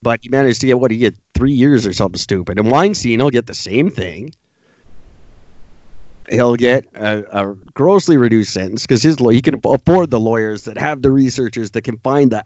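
A man's voice: medium pitch, moderate pace, a little mellow, no room sound, lo-fi sound. Sarcastic man ranting on a podcast. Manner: ranting, sarcastic, mocking put-on voices. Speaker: podcast co-host. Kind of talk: casual podcast chat.

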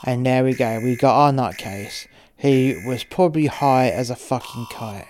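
Man, sweary storyteller, wry asides, middling pitch, faint noise behind. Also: normal speed, darkish tone. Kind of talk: first-person crime story narration.

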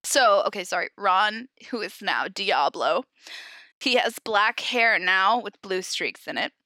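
A woman's voice: medium pitch, lively intonation, measured pace, sharp tone, dry recording. A young woman co-hosting a podcast, reading fan fiction aloud in a comic, dramatic way and often breaking into giggles.

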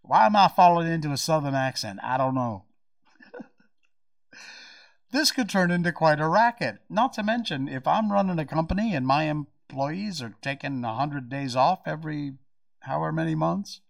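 Podcast host, American man, wry and animated, stretches words for effect, voice on the higher side. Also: moderate pace, gravelly. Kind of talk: casual podcast commentary. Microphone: podcast mic.

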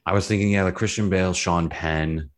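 A man's voice: steady tone, brisk. A man co-hosting a podcast in playful casual chat, his voice jumping up on emphasis. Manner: playful, jumps up in pitch on emphasis. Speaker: podcast co-host.

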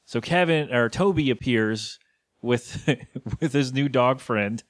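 A man co-hosting a podcast, casually recapping a cartoon episode with jokes and quick quoted voices. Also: medium pitch, no echo, studio quality. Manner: joking, retells scenes with quick put-on quotes. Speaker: podcast co-host.

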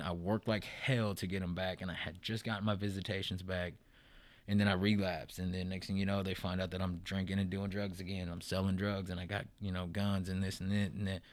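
A man's voice: deep voice, flat delivery, fairly quick, dry recording. A man in a casual interview, telling his own story in a profane, rambling way, full of "man" and "bro".

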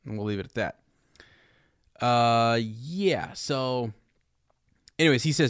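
A man's voice: medium pitch, moderate pace, dry recording, clean studio sound. A man who hosts a podcast, reading passages from a book aloud and chatting about them casually. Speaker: podcast host.

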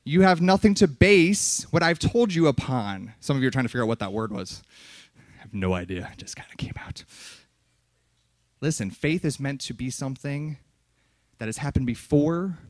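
A man preaching a fiery sermon at a youth conference, yelling hard and then dropping to soft, close asides. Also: mid-range voice, animated, moderate pace, no room sound.

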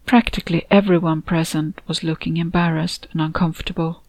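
Low-voiced woman narrating a story. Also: brisk, no room sound. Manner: steady, descriptive storytelling. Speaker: author and narrator. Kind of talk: audiobook narration.

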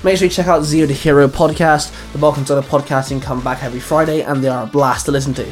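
A man's voice: medium pitch, fairly even intonation, fast talker, faint music behind. A man reading a fan fiction story aloud and hosting the channel, enthusiastic when recommending other creators.

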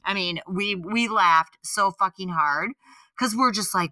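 Middle-aged podcast host lady from iowa, bright voice, super animated storytelling, swears a lot, dry close mic. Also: on the high side, normal speed, no echo. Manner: animated, laughing, swearing, acts out quotes. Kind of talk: casual storytelling chat.

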